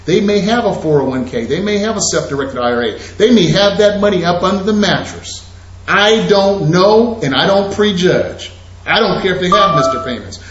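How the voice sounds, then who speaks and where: A man giving an energetic real estate investing seminar, talking straight to his audience. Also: sits high. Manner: animated, preachy, addresses audience directly. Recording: echoey lo-fi room recording.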